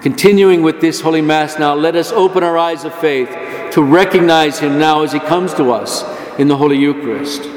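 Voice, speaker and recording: A man's fairly high voice delivers an earnest homily, pressing on the words he gives as God's. It rings around a big church, with a long echo trailing after each phrase. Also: normal speed. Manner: earnest, rising emphasis on quoted words of God. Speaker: priest. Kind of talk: sermon. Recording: echoey church hall.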